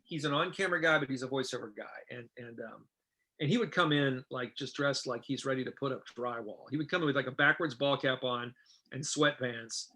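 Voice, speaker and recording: A middle-aged man, a film director, telling casual stories in an interview and acting out what others said in lively voices. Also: mid-range voice, fairly quick. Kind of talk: casual anecdotal storytelling.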